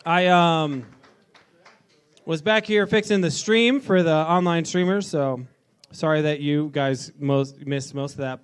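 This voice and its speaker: A man's voice: a little high, measured pace, smooth. A man hosting a live music night at a bar, interviewing a performer in a loose, upbeat way and swearing freely. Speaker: event host. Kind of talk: casual onstage interview.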